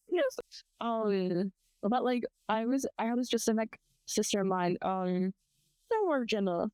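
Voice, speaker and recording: A woman's voice: fairly high pitch, a little mellow, smooth, dry recording. A young American woman co-hosting a casual chat, telling rambling, profane stories full of quoted voices. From United States. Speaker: podcast co-host.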